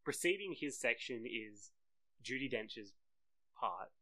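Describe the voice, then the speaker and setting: An Australian man with a bright, forward voice, talking loosely in a casual podcast chat. He rambles, swears freely and drops into jokey mock accents now and then. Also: medium pitch, expressive, slow pace, dry recording. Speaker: podcast co-host.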